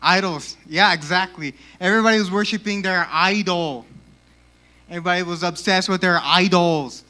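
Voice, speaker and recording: A young man giving a casual, animated youth sermon in a church, peppered with "like," and a little out of breath. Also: high-pitched, normal speed. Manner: casual, animated, lots of 'like'. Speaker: youth speaker.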